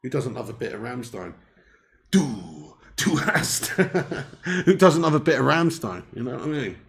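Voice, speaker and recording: A man's voice: mid-range voice, lively intonation, quick pace, gravelly. A man hosting a live football watch-along, bantering and laughing with viewers between commentary. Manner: jokey banter, laughs often, chats with viewers. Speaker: host.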